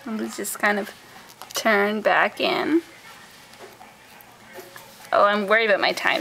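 A young woman vlogger showing her handmade scrapbook albums in a soft, chatty way, often trailing off and starting over. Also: medium pitch, steady tone, slow pace, creaky, rough recording. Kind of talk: casual show-and-tell. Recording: faint background noise.

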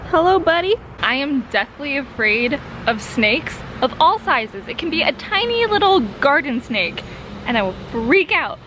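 High-voiced chatty woman book vlogger. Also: measured pace, slight background noise. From Florida, USA. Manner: chatty and excitable. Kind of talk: casual vlog chat. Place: home, partly outdoors.

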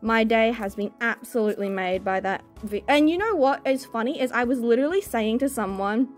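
A young woman chatting casually as she opens card packs on camera, excitable and gushing, squealing over good pulls. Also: a little high, brisk, soft background music. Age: young adult. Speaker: card-opening vlogger. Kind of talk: casual chat while opening card packs.

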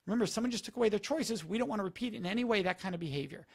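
Speaking in rapid-fire bursts with vocal fry, this high-voiced man talks to a live audience on a stream about preventing sexual assault. His advice is earnest and instructive, and he repeats the key words to drive them home.

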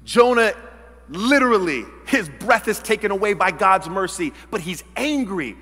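A male pastor delivers a dramatic sermon in a high, ringing voice, slipping into quoted voices and shifting from loud outbursts to near whispers. His words trail off into a long reverb that fills the church sanctuary. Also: animated, normal speed. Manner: dramatic, acts out quoted voices, swings between loud and hushed.

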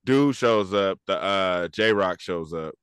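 A man co-hosts a movie review podcast, walking through the plot scene by scene and voicing the characters as he goes. His voice sits on the lower side and comes across clear and smooth. The recording is dry and close. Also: takes it slowly, dry recording. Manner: animated retelling, acts out characters' lines. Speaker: podcast co-host. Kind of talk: casual movie review chat.

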